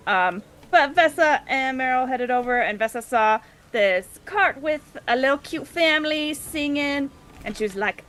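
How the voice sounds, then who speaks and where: A woman's voice: sits high, lively intonation, normal speed, a bit bright, slight background noise. A woman casually recapping a tabletop game session, chatty and giggly, briefly acting out the party members' lines. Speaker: player recapping the previous session.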